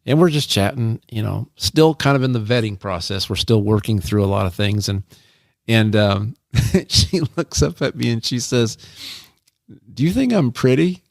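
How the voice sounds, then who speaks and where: A man with a gravelly edge to his voice tells a rambling, self-deprecating story on a podcast. He restarts sentences often and laughs at his own mistakes. The sound is close and dry, with no room around it. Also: lowish voice, moderate pace, no room sound. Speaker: podcast co-host. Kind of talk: casual storytelling.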